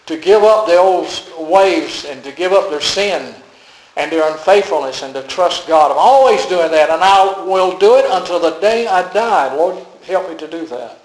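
An older man, a Baptist pastor preaching a sermon in a folksy storytelling way, often chuckling, moving between soft asides and emphatic lines. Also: on the high side, lively intonation, moderate pace, reverberant, poor audio.

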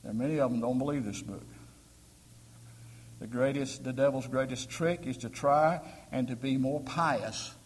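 Preacher in a reverberant hall. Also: male voice, mid-range voice, moderate pace, slight background noise. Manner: rising to emphatic, forceful peaks, asking the congregation questions. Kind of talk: sermon.

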